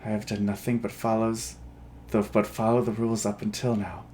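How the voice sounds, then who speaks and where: Man acting out a grim reaper, brooding, flirtatious, low pitch, dating-game dialogue. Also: level tone, moderate pace, warm tone, a little hiss or hum, close to an everyday voice. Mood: confessing.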